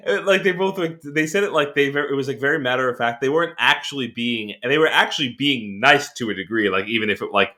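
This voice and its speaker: Bright-toned rambling male podcast host. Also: mid-range voice, fast talker, few pauses. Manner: rambling, many fillers and restarts, laughs while retelling scenes. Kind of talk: casual chat.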